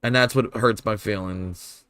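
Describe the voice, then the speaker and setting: A man's voice: on the low side, a little slow, fairly bright tone, clear, resonant tone, no echo, studio quality. A young man giving casual, rambling commentary while he streams a game, swearing freely and laughing often.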